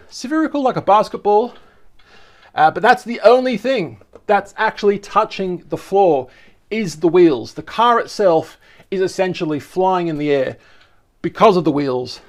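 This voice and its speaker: A man hosting a casual tech vlog, rambling and joking as he reads an article aloud and stumbles over words. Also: a little high. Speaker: tech vlogger.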